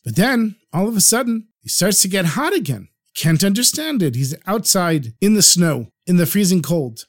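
A man narrating a traditional religious story in an animated, vivid way. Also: high voice, normal speed, hardly any pauses.

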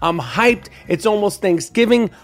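Man, podcast host, high-pitched, brash, profane, rambling, casual solo monologue. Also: expressive, a little slow, faint music behind.

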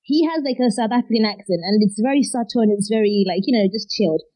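A woman's voice: mid-range voice, fast, dark tone, poor audio. A woman, a podcast guest on a video call, talking casually in a frank, questioning way. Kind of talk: casual chat.

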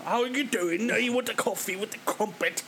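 A man's voice: high-pitched, a little fast, noisy background, natural voice. A man doing a silly cartoon Englishman, mock British. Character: pompous cartoon Englishman, chipper and old-fashioned.

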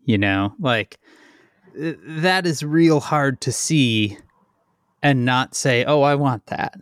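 A man co-hosting a podcast, measured and agreeable, often answering with a quick yes or right. He speaks slowly at a middling pitch. The recording is dry, with no room echo. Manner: measured, agreeable, lots of short affirmations. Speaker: podcast co-host. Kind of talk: casual chat.

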